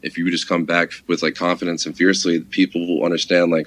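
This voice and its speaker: A man's voice: low voice, level tone, fast talker, fairly bright tone. A man telling a story in a casual podcast chat in a blunt, plain-spoken way.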